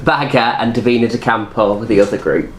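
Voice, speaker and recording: A man's voice: mid-range voice, steady tone, fairly quick, slight background noise. A man, co-hosting a casual chat that reviews a TV show. He sounds agreeable and gossipy. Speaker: co-host. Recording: echoey room.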